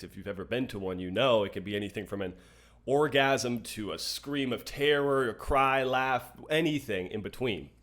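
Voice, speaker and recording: A man's voice: mid-range voice, fairly bright tone. A young man co-hosting a podcast, telling an emotional personal story in an earnest, open way with frequent restarts. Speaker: podcast co-host. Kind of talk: casual podcast conversation.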